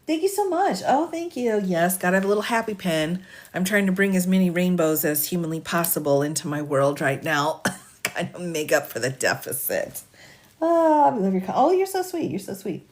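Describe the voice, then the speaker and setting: A woman attorney on a live stream, reading a legal filing aloud and chatting with her viewers, her voice cracking a little. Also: on the low side. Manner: reads formal text steadily, then chats warmly with viewers. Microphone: phone or desk mic for a live stream.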